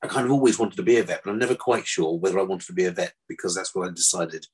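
Low husky man telling his story. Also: fairly even intonation, very fast, a little mellow. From England. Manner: dry self-deprecating storyteller. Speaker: interviewee, vet. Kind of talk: casual interview chat.

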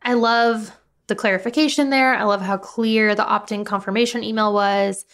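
A woman's voice: medium pitch, steady tone, normal speed, fairly bright tone. Supportive woman co-hosting a podcast. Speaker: podcast co-host. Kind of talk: casual podcast chat.

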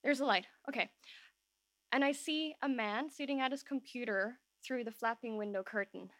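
A woman telling a true personal story live on an open-air stage, emotional and halting, voice shaking at times. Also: fairly high pitch, fairly bright tone, no room sound, clean studio sound.

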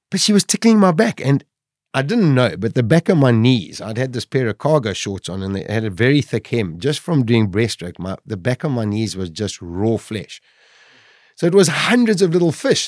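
A man's voice: medium pitch, darkish tone, no echo, clean studio sound. Man telling a survival story. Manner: vivid retelling, acting out his own inner voice. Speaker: podcast guest. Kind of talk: dramatic personal storytelling.

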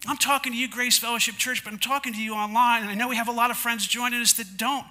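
A male pastor preaching in a church sanctuary, his voice pitched unusually high for a man and strikingly bright. He is emphatic and repetitive, and often has the congregation repeat lines back to him. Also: steady tone, fast. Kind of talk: sermon.

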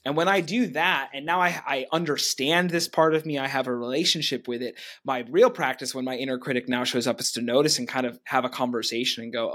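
A man's voice: medium pitch, fairly even intonation, fairly quick, hardly any pauses, fairly bright tone. A man co-hosting a casual podcast discussion, reflective and open, often voicing his own inner dialogue. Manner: reflective, speaks in self-talk quotes. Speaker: podcast co-host, leadership coach.

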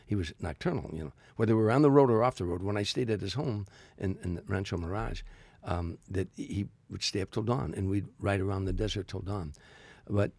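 A very low-pitched older man spins long anecdotes in a relaxed interview. His voice is gravelly and husky, and he keeps stumbling into quick restarts. The sound is dry and close. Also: no echo. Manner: rambling anecdotes with frequent stammered restarts. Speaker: stand-up comedian guest. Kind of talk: casual storytelling interview.

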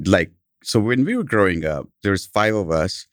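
In a casual podcast interview, a company founder from Kenya shares anecdotes in a very deep voice with a British accent, chuckling as he goes. His delivery is lively at a normal speed, and the sound is close and dry.

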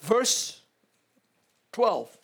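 A man with a Louisiana Southern accent preaches a sermon as pastor in a church, calling out animatedly and laughing asides to the congregation. His voice is high-pitched and gravelly with a breathy edge, and he speaks very slowly.

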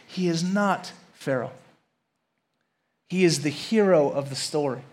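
A young adult man from Louisiana preaching a sermon as pastor, telling stories and building to emphatic points. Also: a little high. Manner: animated storytelling, acts out quotes, rises to emphatic preaching.

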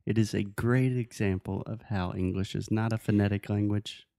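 A man's voice: fairly low pitch, steady tone, normal speed, creaky, dark tone, dry recording, clean studio sound. A man co-hosting a casual chat, patiently and playfully coaching his partner's English pronunciation. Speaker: co-host teaching English. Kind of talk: casual language-lesson chat.

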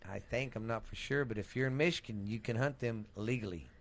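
A man's voice: medium pitch, fairly quick, gravelly, a bit bright, no echo. A man co-hosting a casual podcast, joking around and goofing off. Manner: goofy, does silly accented cow impressions. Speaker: podcast co-host.

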